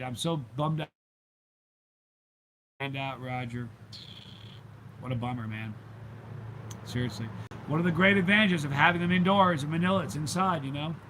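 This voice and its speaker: A man's voice: mid-range voice, fairly even intonation, moderate pace, long pauses, fairly bright tone, a little hiss or hum, poor audio. A middle-aged man hosting a casual vlog chat and telling a rambling story, with plenty of ums along the way. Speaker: vlog host. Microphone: handheld gimbal camera.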